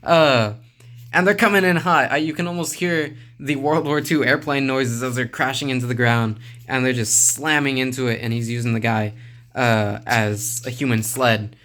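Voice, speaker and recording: A man reviewing a manga volume in a relaxed, rambling way, with lots of filler sounds and small chuckles. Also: medium pitch, moderate pace. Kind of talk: casual video review.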